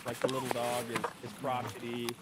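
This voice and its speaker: A man chatting casually on a stream, an animated storyteller who keeps slipping into loud put-on voices. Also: medium pitch, a little fast. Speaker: stream co-host. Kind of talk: casual chat. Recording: loud background noise.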